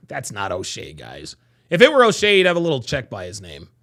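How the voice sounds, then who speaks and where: A man hosting a casual livestream, reading chat and telling profane, animated stories. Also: fairly low pitch, moderate pace.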